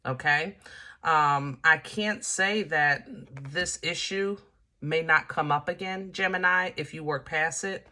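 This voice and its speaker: A woman's voice: low-pitched, slow, bright, forceful tone. A woman giving a casual tarot reading, chatty and emphatic, talking straight to the viewer with many fillers. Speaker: tarot reader.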